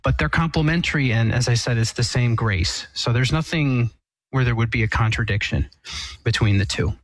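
A man speaks as an Eastern Catholic priest answering listener questions on call-in radio. He talks in a thoughtful, measured way, pausing with fillers and restarting sentences, and his voice sits at a middle pitch. The sound is dry and close, with no room in it. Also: no room sound, poor audio. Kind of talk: explanatory call-in radio talk.

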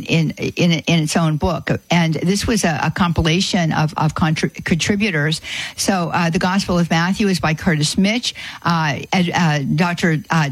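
A woman hosting a call-in radio advice show, speaking haltingly with many fillers and restarts. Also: fairly low pitch, slightly rough, no room sound, low-quality recording.

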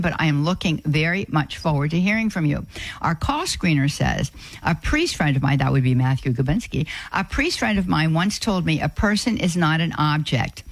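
A woman hosting a call-in radio show, effusive and quick to call things beautiful. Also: low-pitched, no echo, low-quality recording.

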